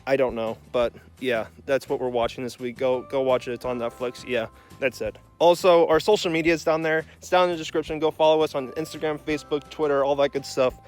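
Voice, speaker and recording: A man's voice: medium pitch, steady tone, fairly quick, hardly any pauses, soft background music. A young man hosting a comedy podcast intro, out of breath, rambling in mock worry. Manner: mock-worried, rambling, calling out loudly. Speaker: podcast host.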